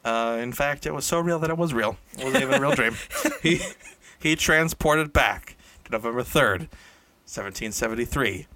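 Bright-voiced man rambling through a comic story. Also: medium pitch, big pitch swings, normal speed, few pauses, no echo. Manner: rambling, self-correcting, laughs at own jokes. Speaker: storyteller improvising a tale. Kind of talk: casual improvised comic storytelling. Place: indoor room shared with a co-host.

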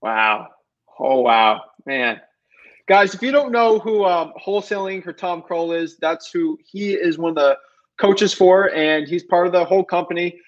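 A man's voice: high voice, moderate pace, muffled recording. A man hosting an interview who chats casually and in an enthusiastic, rambling way. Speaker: podcast host.

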